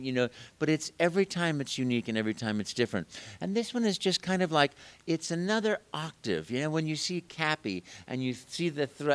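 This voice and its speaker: This man is also a voice actor appearing as a guest at a game convention, animatedly spinning stories in a relaxed interview. His voice is smooth and mid-range, and he drops into character voices as he goes.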